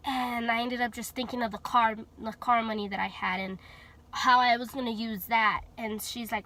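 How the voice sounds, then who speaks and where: Her voice is a little high and sharp in tone, with fairly even intonation at normal speed. The speaker, a young vlogger from Houston, Texas, tells a personal story in casual, chatty fashion, full of fillers and acted-out dialogue.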